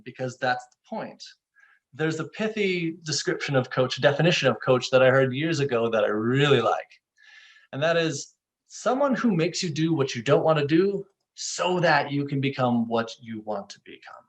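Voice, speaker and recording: A man hosting a webinar, talking conversationally and playfully acting out quotes. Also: mid-range voice. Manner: animated, playful, acts out quotes. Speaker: webinar host, software founder.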